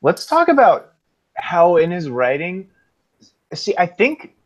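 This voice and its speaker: A man chatting on a podcast, animated and jokey. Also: high-pitched, slow pace. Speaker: podcast co-host. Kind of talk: casual chat. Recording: dull lo-fi sound.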